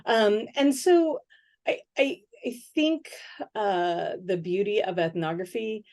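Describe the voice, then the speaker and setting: A middle-aged woman sociologist answering interview questions in a thoughtful, conversational way, often pausing with "um" and checking in with "right?". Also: mid-range voice. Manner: thoughtful, many "um"s and "right?" tags, animated when quoting others.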